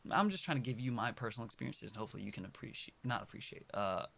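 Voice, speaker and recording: A man in his early twenties talking casually to his viewers, rambling and correcting himself, dropping to soft mutters and then bursting out loud. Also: mid-range voice, expressive, rapid-fire, vocal fry. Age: early 20s. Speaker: vlogger. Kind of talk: casual personal monologue to camera.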